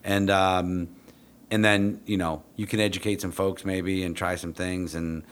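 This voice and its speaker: Speaking in a deep, clean-toned voice and at a slightly slow pace, a middle-aged man who trains police dogs tells a story. He's blunt, casual, and profane, and he keeps jumping into animated quotes of himself.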